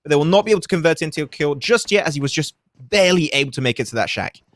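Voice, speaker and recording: Fast-talking, energetic male esports caster. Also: on the high side, dry recording. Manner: fast, energetic, joking asides. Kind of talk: live play-by-play commentary.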